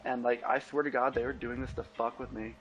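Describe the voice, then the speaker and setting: A man's voice: medium pitch, flat delivery, fairly quick, dull audio. A young man on a podcast, telling a rambling story and acting out both sides of his phone calls. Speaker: podcast co-host. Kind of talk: casual storytelling chat. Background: faint background music.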